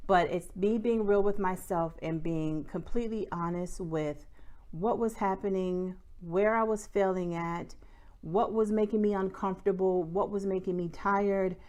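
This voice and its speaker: A young small business owner and vlogger talks candidly to camera about her business in a casual, chatty way, saying "like" and "y'all" constantly. Her medium-pitched voice is slightly mellow, with a measured pace and fairly even intonation.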